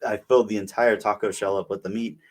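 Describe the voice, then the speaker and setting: Young male podcast co-host, low voice, rambling casual storyteller. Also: steady tone, fast talker, a little mellow. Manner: rambling, filler-heavy storytelling. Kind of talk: casual chat.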